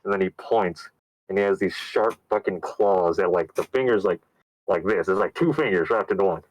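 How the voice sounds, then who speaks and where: Low-voiced man recapping a movie casually. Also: moderate pace, no echo, poor audio. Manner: loose and rambling, heavy on fillers and swearing. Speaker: podcast host.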